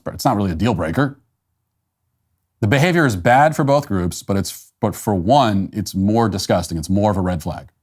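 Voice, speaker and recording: A man with a somewhat low voice delivers an opinion monologue as host of his own commentary show. His delivery is measured and emphatic, and he slows down deliberately to drive his points home.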